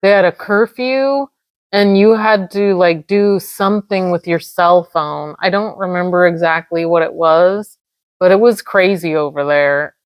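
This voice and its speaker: A woman's voice: fairly low pitch, a little slow, dry recording. A woman co-hosting a podcast, chatting casually and chiming in with agreement. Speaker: podcast co-host.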